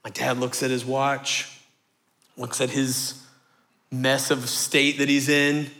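Animated storytelling preacher, bright voice. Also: male voice, mid-range voice, takes it slowly. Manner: animated storytelling, acts out voices, repeats phrases for rhythm. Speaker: pastor. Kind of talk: sermon.

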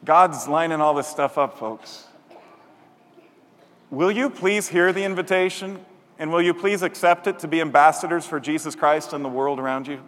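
Man, pastor, sermon, higher-pitched voice, animated storytelling, long church reverb. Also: moderate pace. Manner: animated, acts out quoted voices.

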